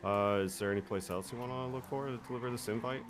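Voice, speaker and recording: A man chatting in character as a roleplay lawyer, laid-back and halting. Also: mid-range voice, background noise.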